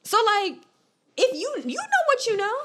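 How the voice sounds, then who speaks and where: A woman's voice: very high voice, moderate pace, a little hiss or hum. Blunt, profane woman podcast co-host. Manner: blunt, profane, animated storytelling. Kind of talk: casual podcast chat.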